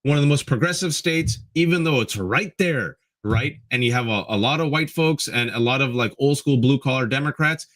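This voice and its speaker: A man co-hosting a political talk show, ranting fast and mocking politicians in sarcastic voices. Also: medium pitch, a bit bright. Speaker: co-host. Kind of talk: heated political commentary.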